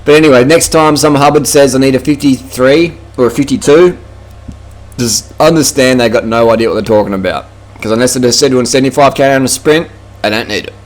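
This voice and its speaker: A man's voice: mid-range voice, fast. Australian male cycling vlogger, blunt and profane, casual rant. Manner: blunt, brash, swears freely.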